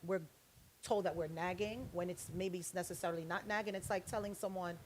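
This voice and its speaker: A woman's voice: fairly low pitch, fairly even intonation, brisk, a little mellow, slight background noise. A woman co-hosting a podcast, pressing her point with probing questions. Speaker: podcast co-host. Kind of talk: casual debate chat.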